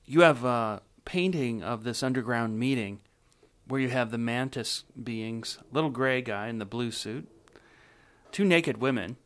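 A man interviewing a guest, asking calm, measured questions. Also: medium pitch.

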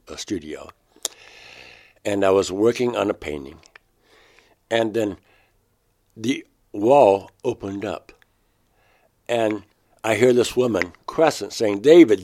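Halting, low-voiced man recounting an experience. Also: darkish tone. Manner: halting, restarts mid-phrase, voice rising sharply when quoting himself. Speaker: interview guest, painter.

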